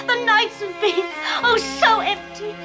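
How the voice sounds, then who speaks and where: A woman's voice: very high-pitched, unhurried. An actress playing a clingy, lovesick woman in a 1970s British film comedy, theatrical and gushing as she pleads. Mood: pleading. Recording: film soundtrack with loud music.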